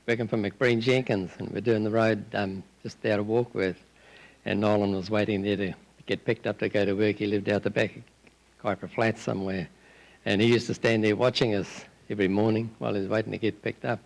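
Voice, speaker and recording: Older man sharing memories at a memorial, flat delivery, gravelly voice. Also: on the low side, brisk, poor audio. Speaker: eulogy speaker. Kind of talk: memorial speech reminiscence.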